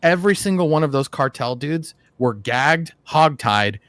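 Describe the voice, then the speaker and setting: A man hosting a casual voice-chat debate, telling stories fast and saying "dude" a lot. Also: fairly high pitch, animated, fairly bright tone, dry recording. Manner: fast storyteller, acts out quotes, says "dude" a lot. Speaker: host. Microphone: headset or desk mic on a voice call.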